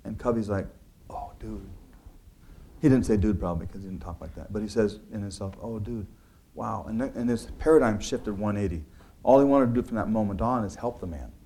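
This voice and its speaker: Lowish and mellow, this man's voice moves fast as he walks through the ideas of his book. He speaks in an earnest, conversational way, frequently restarting and leaning on filler words.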